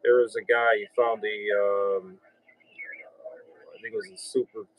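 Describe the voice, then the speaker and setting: A man's voice: fairly low pitch, flat delivery, a little slow, fairly bright tone, a little hiss or hum, low-quality recording. A man around fifty with a blunt, rambling way of talking, chatting casually on the radio from his home station. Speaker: radio operator and channel host.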